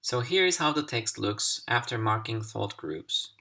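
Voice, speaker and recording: A man whose first language is Turkish, teaching a recorded English pronunciation lesson in a deliberate, clearly articulated manner. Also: mid-range voice, animated, pushed and bright. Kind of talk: instructional video lesson.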